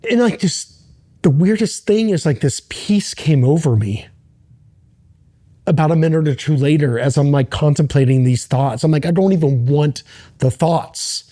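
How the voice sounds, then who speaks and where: Halting, earnest middle-aged man. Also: on the high side, dark tone. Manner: halting, earnest, many restarts. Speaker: interview guest, former Navy SEAL. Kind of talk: candid personal storytelling.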